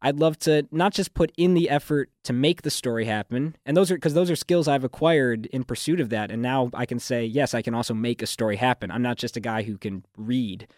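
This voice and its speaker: Young man, smooth newsreader delivery. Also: mid-range voice, fairly quick, hardly any pauses, a little mellow, no room sound, clean studio sound. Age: young adult. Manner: fluent, newsreader-like delivery with restarts and laughs. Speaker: graduating student guest. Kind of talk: casual radio interview. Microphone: studio microphone.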